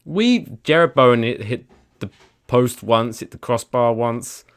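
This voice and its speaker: A man's voice: medium pitch, expressive, measured pace, clean tone. A man co-hosting a podcast in casual chat, upbeat and teasing his co-host.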